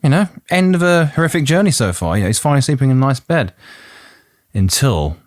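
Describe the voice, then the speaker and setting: A man's voice: mid-range voice, sing-song, darkish tone, no room sound, clean studio sound. Playful Midlands man retelling a legend. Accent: English Midlands. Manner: playful, quick to laugh at his own jokes. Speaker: podcast host.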